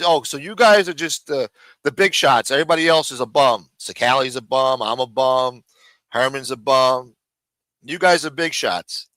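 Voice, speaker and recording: Bright, angry man ranting live. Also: mid-range voice, no room sound, low-quality recording. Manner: angry, profane, mocking. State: talking around a throat lozenge. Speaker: live stream host. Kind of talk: heated live stream rant.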